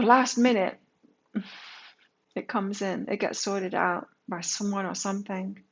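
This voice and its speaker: A woman's voice: mid-range voice, steady tone, unhurried, creaky, long pauses, muffled recording. A woman giving a casual tarot reading to her viewers, speaking candidly and swearing now and then. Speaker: tarot reader.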